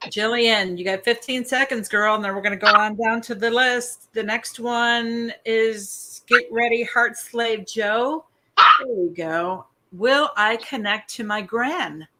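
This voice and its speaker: A woman's voice: a little high, measured pace, very noisy. Chatty woman host reading viewer questions. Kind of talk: casual live-stream chat.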